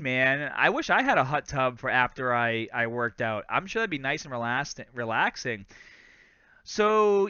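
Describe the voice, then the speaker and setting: A fitness host in his thirties from Lawrence, Massachusetts, with a light Boston accent, runs a casual live-stream Q&A, chatting, laughing often and saying "bro" and "guys." His medium-pitched voice is bright, forceful and clean, with no room sound but a lo-fi quality.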